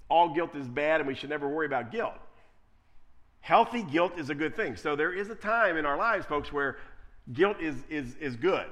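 A male preacher giving a conversational sermon, telling stories in an animated way. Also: on the high side. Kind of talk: sermon with storytelling.

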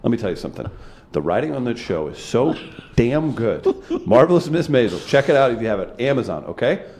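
A man co-hosts a casual talk show, addressing listeners emphatically. His voice sits in an ordinary middle pitch. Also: very animated, a little fast, a little mellow. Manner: emphatic, insistent. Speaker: co-host. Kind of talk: casual chat.

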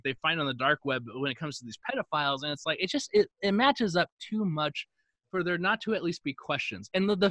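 Animated, profane man ranting on a podcast. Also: a little high, dry recording. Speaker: podcast co-host. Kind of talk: casual ranting chat.

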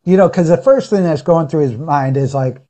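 A man's voice: a little high, brisk, mellow. Earnest male pastor telling a story. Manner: earnest, reflective, with frequent restarts. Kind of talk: casual interview storytelling.

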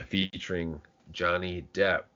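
Deep-voiced man rambling about movies. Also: steady tone, takes it slowly, sharp tone. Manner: rambling, restarts often, swears casually. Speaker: podcast co-host. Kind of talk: casual movie chat. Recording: dull lo-fi podcast audio.

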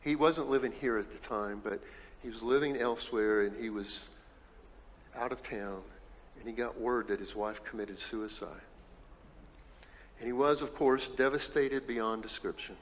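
A man's voice: medium pitch, normal speed. Man preaching in a reverberant hall. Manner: storytelling, swings from hushed to emphatic. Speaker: pastor. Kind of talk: sermon. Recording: reverberant hall, faint ambience.

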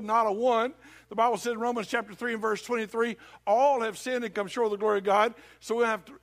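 Man, pastor, folksy storytelling sermon, high-pitched voice. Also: fairly bright tone. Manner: folksy storytelling preacher, jokes with the congregation. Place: church.

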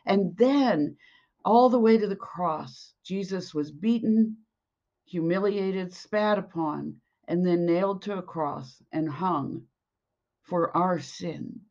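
A podcast preacher giving a slow, earnest devotional sermon and reading scripture aloud. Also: mid-range voice, darkish tone, muffled recording.

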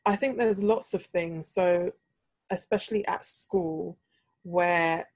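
A woman's voice: fairly low pitch, steady tone, slow, a little mellow, no room sound. A young British woman chatting casually on a podcast and telling a story animatedly, acting out the voices she quotes. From United Kingdom. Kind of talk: casual chat.

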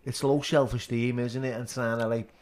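A man's voice: medium pitch, steady tone, moderate pace. A man with a Liverpool accent hosting a casual podcast chat, rambling and restarting his sentences. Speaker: podcast host. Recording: crowd noise behind.

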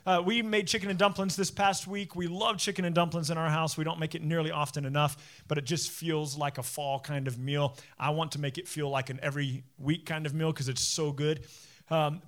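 A man's voice: fairly high pitch, a bit bright. A man preaching a sermon as pastor, conversational and digressive, with joking asides and explanations of word meanings.

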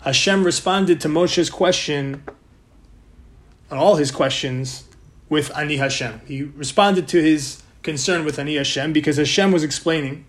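A man's voice: on the high side, moderate pace, a bit bright. A man giving a casual weekly Torah talk, conversational and mixing in Hebrew and Yiddish terms. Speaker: Torah teacher.

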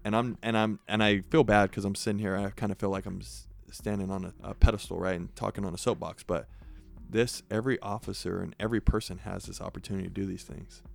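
A man's voice: on the low side, fast, gravelly, faint music behind. A man from San Jose, a sheriff's sergeant, telling stories earnestly in an interview and acting out what people said. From San Jose, California. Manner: earnest, animated storyteller acting out quotes. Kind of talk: conversational interview storytelling.

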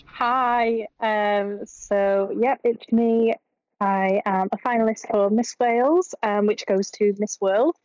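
A woman's voice: mid-range voice, steady tone, slow, a little mellow, dry recording. A woman introducing herself as a pageant contestant, bubbly and chatty, on a video call. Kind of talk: casual self-introduction. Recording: dull, dry video call audio.

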